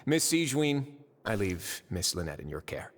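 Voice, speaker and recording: An actor voicing a suave, wry male warden in a game, drawling and calm. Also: fairly low pitch, moderate pace, long reverb tail, crowd noise.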